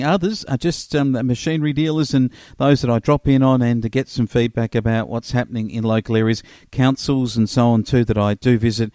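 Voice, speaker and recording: Aussie radio bloke chatting away, lots of uhs and ums, dry close mic. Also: male voice, medium pitch, mellow, dry recording. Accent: Australian. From Australia. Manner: rambling, many filler uhs. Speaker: radio host. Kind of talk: radio commentary monologue.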